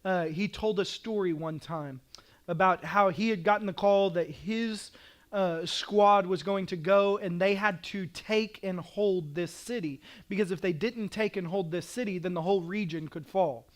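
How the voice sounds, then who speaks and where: A man's voice: high voice, moderate pace. A middle-aged male pastor preaching a sermon with passion, repeating declarations for emphasis.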